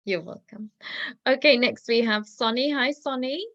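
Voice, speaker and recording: Woman teacher running an online class, short prompts, slightly high voice, muffled audio. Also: normal speed, fairly bright tone. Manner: brief, encouraging prompts. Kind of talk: leading an online speaking class.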